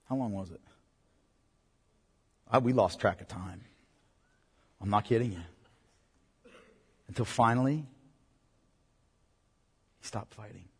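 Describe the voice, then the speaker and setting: Guy preaching to parents, husky voice, earnest and pushy, big echoey hall. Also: lowish voice. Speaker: pastor. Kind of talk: sermon. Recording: long hall reverb.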